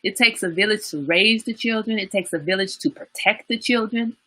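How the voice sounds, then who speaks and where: A woman's voice: mid-range voice, brisk, pushed and bright. A woman hosting a live-streamed talk show, chatting casually with viewers, reading out their comments and laughing often. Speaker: livestream talk show host.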